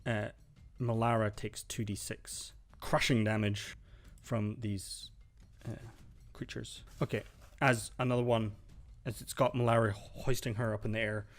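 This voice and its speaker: A man narrating as game master of a tabletop game, describing the action in a calm, descriptive way. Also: fairly low pitch.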